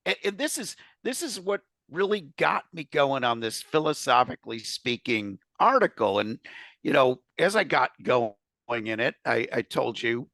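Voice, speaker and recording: A man's voice: mid-range voice, big pitch swings, moderate pace, sharp tone, no room sound. A man speaking as a podcast guest, talking about his writing in an enthusiastic, friendly way. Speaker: podcast guest, article writer. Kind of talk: casual podcast chat.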